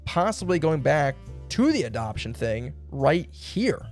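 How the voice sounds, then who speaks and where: A man's voice: a little high, very animated, measured pace, darkish tone, soft background music. A young man streaming a puzzle game, thinking aloud in a rambling way and laughing now and then. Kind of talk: casual puzzle game livestream.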